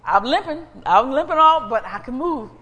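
A woman preacher gives an animated, conversational sermon, calling out to her congregation. Her voice sits on the higher side and carries a long hall reverb from the church sanctuary. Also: normal speed. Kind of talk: sermon with personal testimony.

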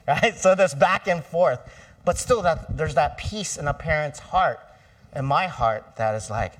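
Slow-speaking male pastor preaching. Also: medium pitch, distant mic. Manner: conversational, asks the church for responses. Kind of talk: sermon. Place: church.

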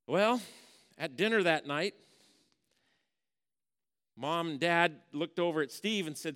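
A man's voice: a little high, animated, takes it slowly, pauses often, clean tone. Folksy preacher man in a reverberant hall. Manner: folksy storyteller, swinging from hushed to emphatic. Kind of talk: sermon with storytelling. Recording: long reverb of a large hall.

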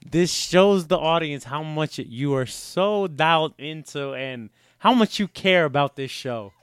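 A man's voice: a little high, lively intonation, a little slow, smooth, no room sound, studio quality. A young man co-hosting a casual podcast, joking, laughing often and swearing freely. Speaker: podcast co-host. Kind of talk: casual wrestling podcast chat.

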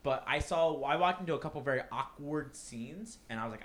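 A young man hosting a casual chat, acting out his own quotes in an animated way and swearing freely. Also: fairly high pitch, brisk. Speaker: streamer and podcast host.

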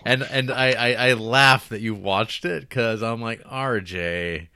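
A man co-hosting a podcast, talking quickly and enthusiastically with lots of restarts. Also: mid-range voice, pushed and bright, clean tone, dry recording, studio quality. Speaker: podcast co-host. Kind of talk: casual chat.

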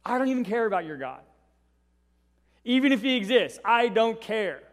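A brash ancient king , put on by a preacher, talks in a casual, offhand way. His voice sits a little high. The sound carries the lingering reverb of a large hall. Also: very animated, moderate pace. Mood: defiant. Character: proud ancient male king, defiant then begging.

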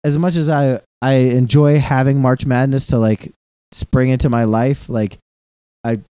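Rambling, profane man with a mellow voice. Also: medium pitch, fairly even intonation, unhurried, clean tone, dry recording, clean studio sound. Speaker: podcast co-host. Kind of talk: casual chat.

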